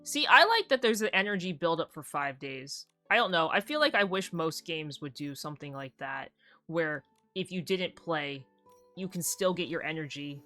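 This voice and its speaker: Bright, chatty woman streamer. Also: sits low, lively intonation, normal speed, no echo, soft background music. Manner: rambling, chatty storytelling, acting out quotes of friends. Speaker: game streamer. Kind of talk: casual live-stream chat while gaming.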